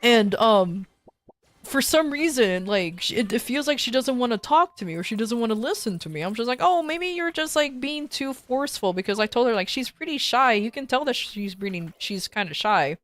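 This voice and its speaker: A woman's voice: fairly high pitch, normal speed. Rambling woman streamer telling a story. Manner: rambling, with frequent restarts; animated when quoting others.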